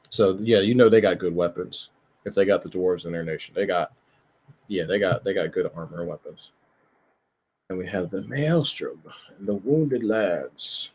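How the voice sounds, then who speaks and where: Low-voiced man rambling casually. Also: a little mellow. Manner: loose, profane, laughs often, rambling with filler words. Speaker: streamer. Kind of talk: casual chat while browsing a tabletop game.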